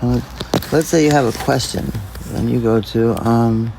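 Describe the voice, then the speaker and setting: A man's voice: mid-range voice, fairly even intonation, unhurried, creaky, noisy background. A man chatting casually on a livestream, rambling and swearing, his speech mumbly from a missing front tooth. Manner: rambling and profane, talking to viewers.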